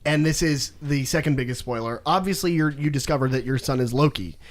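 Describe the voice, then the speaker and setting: In a brisk, mid-range voice, a young man co-hosting an informal podcast relates a video game story with energy. He plays out the characters' dialogue as he goes.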